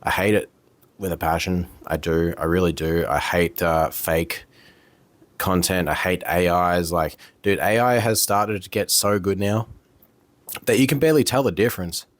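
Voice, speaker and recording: A man's voice: sits low, moderate pace, no echo. A man ranting casually to his camera, heated and profane, repeating himself with lots of fillers. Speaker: vlogger. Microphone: camera mic.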